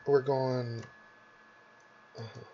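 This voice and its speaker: A man's voice: mid-range voice, level tone, very slow, dark tone, dull audio, slight background noise. A man rambling and swearing in casual commentary as he edits a video, with many asides. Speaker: YouTuber. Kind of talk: casual commentary while editing. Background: keyboard typing.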